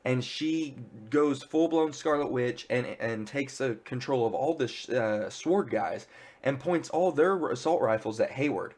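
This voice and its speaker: A man talking at an ordinary, middle pitch, recapping a show for his viewers. He rambles eagerly and keeps reaching for filler words as he goes. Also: unhurried. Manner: excited rambling retelling, heavy filler words. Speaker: pop culture reviewer. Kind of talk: casual spoiler recap.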